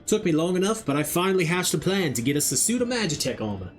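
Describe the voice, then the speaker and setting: A man voicing a rough-spoken older male schemer with a folksy, put-on rustic drawl. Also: sits high, animated, normal speed, a little mellow, soft background music, pitched above the performer's own voice. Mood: scheming.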